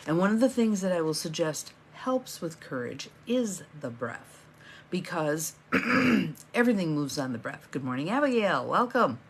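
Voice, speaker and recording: A woman's voice: on the low side, sing-song, moderate pace, slight background noise. A middle-aged woman hosting a live morning coaching stream, chatty and encouraging, greeting viewers by name as they join.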